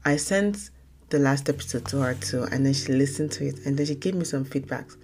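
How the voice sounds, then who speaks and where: A young woman from Nigeria hosting her own casual podcast, talking fast and rambling, often correcting herself mid-sentence. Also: a bass voice, a little mellow, a little hiss or hum. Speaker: podcast host. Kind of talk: casual solo podcast talk.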